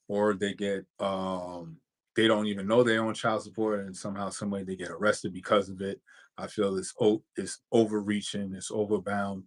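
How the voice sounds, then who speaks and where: A man co-hosting a hip-hop podcast, laying out his opinion in a measured, argumentative way in casual talk. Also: fairly low pitch. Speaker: podcast co-host.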